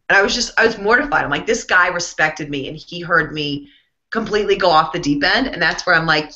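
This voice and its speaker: A woman in her thirties with a low but bright, forceful voice, telling lively self-mocking stories as an interview guest. The sound is dull and lo-fi. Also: fairly quick. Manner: animated, self-mocking storyteller. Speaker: guest author. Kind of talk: casual interview storytelling.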